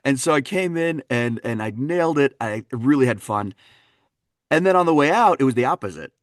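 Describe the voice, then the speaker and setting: Animated male dialect coach, dry sound. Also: mid-range voice, a little fast, no echo. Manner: animated storyteller, acts out quotes, laughs often. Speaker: actor and dialect coach, guest. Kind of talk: conversational interview.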